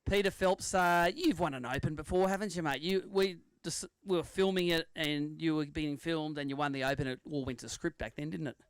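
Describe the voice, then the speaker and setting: A man's voice: a little high, fairly quick, few pauses, smooth, no room sound. A man with an Australian accent hosting a live fishing weigh-in outdoors, chatty and joking as he reads out weights and standings. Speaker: weigh-in emcee.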